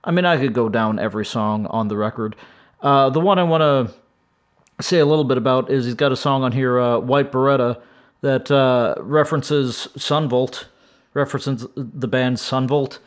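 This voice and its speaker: A man's voice: mid-range voice, normal speed. A middle-aged man hosting a music podcast, reviewing albums in a casual, enthusiastic and rambling way, tired and breaking off now and then to chuckle. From St. Louis, United States. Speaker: podcast host.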